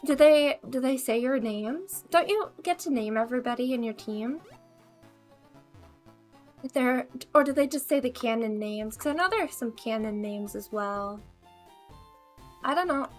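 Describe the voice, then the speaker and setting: A woman's voice: on the high side, unhurried, long pauses, soft background music. A bubbly woman streaming a game, chatting casually with viewers and laughing often. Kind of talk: casual gaming chat.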